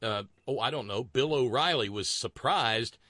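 A man hosting a casual, comedic political chat, telling a story with animated asides. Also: medium pitch, moderate pace, no echo, clean studio sound. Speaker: podcast host.

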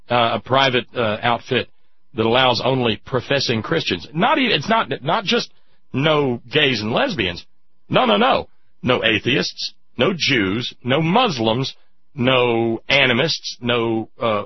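A man's voice: mid-range voice, unhurried, husky, no room sound. A man hosting political talk radio, emphatic and sarcastic, chatting with listeners through a dull lo-fi radio recording. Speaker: radio talk show host.

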